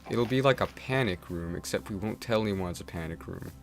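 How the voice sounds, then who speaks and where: A man's voice: low voice, brisk. A young man, streaming a game and chatting casually in a rambling way, full of fillers and restarts. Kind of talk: casual rambling chat while playing a game. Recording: game music playing clearly behind the voice.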